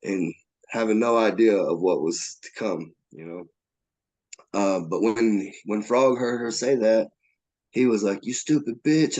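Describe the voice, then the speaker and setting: Low-voiced man telling a story. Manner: animated storyteller acting out quoted voices. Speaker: interview guest. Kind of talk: casual storytelling.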